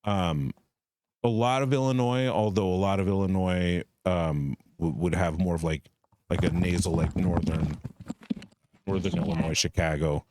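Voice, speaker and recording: A man's voice: low voice, fairly even intonation, normal speed, heavy background noise. A man co-hosting a live stream, chatting in a rambling, playful way. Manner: rambling, playful, musing aloud. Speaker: stream co-host. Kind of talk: casual chat.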